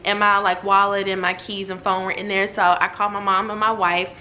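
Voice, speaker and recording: A woman, telling a story to her viewers at home in a lively, chatty way. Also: medium pitch, a little fast, dull audio, a little hiss or hum. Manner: animated, chatty, talks straight to viewers. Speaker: vlogger. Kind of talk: casual storytelling to camera. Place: at home indoors.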